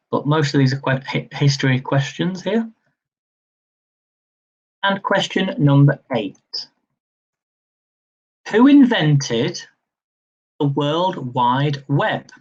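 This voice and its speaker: A young man hosting a live-streamed quiz, reading each question slowly, repeating it, and adding chatty asides. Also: mid-range voice, highs cut off. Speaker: quiz host.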